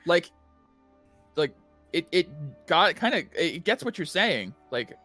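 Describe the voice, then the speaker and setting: A man's voice: a little high, slow, faint music behind. A man narrating as game master of a tabletop role-playing game, chatty and full of fillers. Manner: chatty, lively, frequent fillers.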